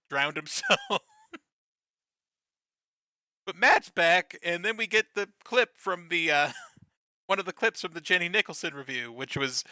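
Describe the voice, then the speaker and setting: A man's voice: a little high, bright, forceful tone, no echo, studio quality. A man co-hosting a podcast, casually recapping a TV episode and laughing constantly as he acts out lines. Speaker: podcast co-host.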